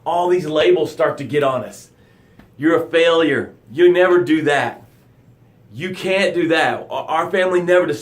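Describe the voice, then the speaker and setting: A middle-aged man hosts a motivational live broadcast and reads viewers' comments aloud. His delivery swings from loud, dramatic pushes to soft, quiet lows.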